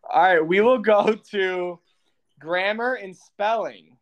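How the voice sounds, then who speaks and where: The recording is muffled as a young man with a high voice speaks at a slow pace. Co-hosting a podcast, he quizzes his partner teasingly in a casual chat and laughs often.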